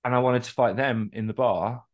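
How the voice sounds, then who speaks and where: A man co-hosts a casual podcast, speaking a little fast at medium pitch in a steady tone. He spins long, candid, rambling stories full of swearing, restarts and self-deprecating asides.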